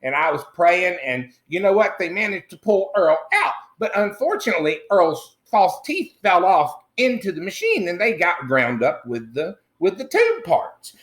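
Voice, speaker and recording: A man's voice: high-pitched, very animated, moderate pace, hardly any pauses, fairly bright tone. A man playing a middle-aged country man, telling a meandering, folksy comic story full of crude asides. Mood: rambling. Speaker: comedy character host. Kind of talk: improvised comic monologue. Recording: roomy echo.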